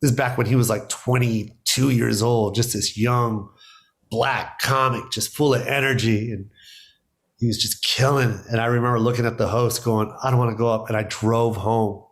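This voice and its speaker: In a casual interview, a male stand-up comedian excitedly tells stories, acting out quotes and laughing often. He speaks at normal speed in a mid-range voice.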